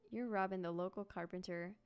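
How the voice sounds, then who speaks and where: A woman's voice: lowish voice, steady tone, a little fast, smooth, natural voice. A woman reading the lines of a friendly small-town carpenter woman in plain, casual game dialogue.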